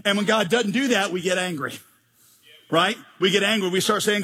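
Sex: male. Role: pastor. Style: sermon. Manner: emphatic, joking, asks rhetorical questions. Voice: high and bright. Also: normal speed, husky.

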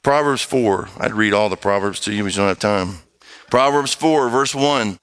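A man's voice: mid-range voice, moderate pace, smooth, poor audio. A man preaching a sermon, reading scripture aloud and acting out the people he quotes. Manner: animated, acts out quoted voices.

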